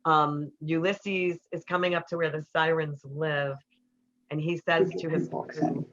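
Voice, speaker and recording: Bright-voiced woman telling stories. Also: deep voice, a little slow. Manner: animated storyteller who acts out quotes. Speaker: relationship counselor speaking to an audience. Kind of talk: storytelling talk to an audience. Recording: slightly dull, muffled recording.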